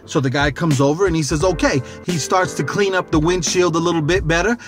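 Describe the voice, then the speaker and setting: A man giving an animated, conversational devotional message as a preacher, often repeating phrases. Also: a little high, fast talker, faint music behind.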